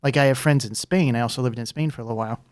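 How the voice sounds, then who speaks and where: Male guest, quick rambling talker, fillers galore, dry close mic. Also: mid-range voice, no echo. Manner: rambling, fast, many fillers and asides. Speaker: guest, former political candidate. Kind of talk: casual political chat.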